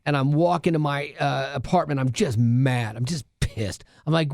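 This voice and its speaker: Male podcast co-host, earnest storyteller, a bit high-pitched, dry close mic. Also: moderate pace, creaky, hardly any pauses, a little mellow, no echo. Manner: earnest storytelling with many restarts. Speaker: radio show co-host. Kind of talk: casual podcast chat.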